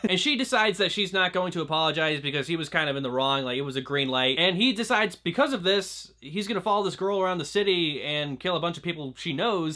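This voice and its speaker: A man's voice: on the high side, pushed and bright. A young man casually talking through a film review, chatty and loose, with lots of "like" and restarts. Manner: chatty, fills talk with "like" and restarts. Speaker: movie reviewer.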